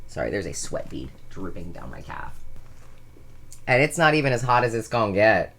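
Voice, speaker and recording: A hoarse, sleep-deprived vlogger rambles to a nearby camera from a hot room at home. The voice sits in a middle pitch. The talk is giddy, scattered and full of swearing. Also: big pitch swings, normal speed, a bit bright. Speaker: vlogger hosting a weekly singing stream. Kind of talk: rambling casual chat to camera. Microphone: camera at close range.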